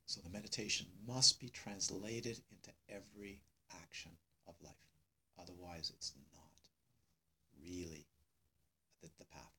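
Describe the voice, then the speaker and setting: Husky man giving a dharma talk. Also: low-pitched, fairly even intonation. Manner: warm, emphatic, repeats phrases, many pauses and fillers. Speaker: Buddhist meditation teacher. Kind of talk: dharma talk to retreat students. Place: meditation hall.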